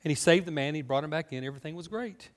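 An American man preaching a sermon in an animated, conversational way, full of rhetorical questions. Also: a little high, rapid-fire. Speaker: pastor.

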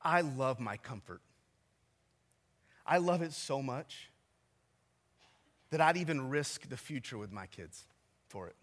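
A man's voice: medium pitch, expressive, slow, long pauses, fairly bright tone. A man in his forties, a pastor preaching a sermon in a chatty, self-deprecating storytelling manner with asides to the congregation. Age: 40s.

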